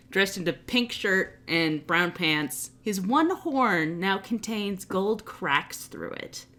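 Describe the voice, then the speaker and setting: A woman's voice: fairly low pitch, pushed and bright. A woman as dungeon master, narrating a tabletop game in an easygoing way with frequent laughs.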